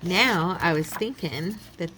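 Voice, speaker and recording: A woman's voice: fairly low pitch, expressive, a little slow, bright, forceful tone, slight background noise. A middle-aged woman hosting a craft channel, chatting casually and thinking aloud as she works, often laughing. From United States.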